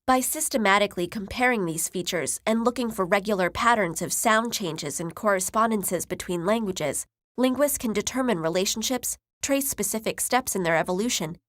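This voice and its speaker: Female narrator, measured and explanatory, scripted, dry close recording. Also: medium pitch, animated, dry recording.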